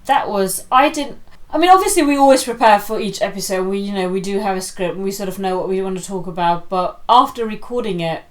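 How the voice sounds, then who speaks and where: A young woman co-hosting a podcast in a relaxed, chatty way. She talks at a mid pitch and fills her stories with lots of likes and ums. She sounds animated when a story gets going. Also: fairly quick, few pauses. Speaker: podcast co-host. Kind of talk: casual chat. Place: indoor room, same room as co-host.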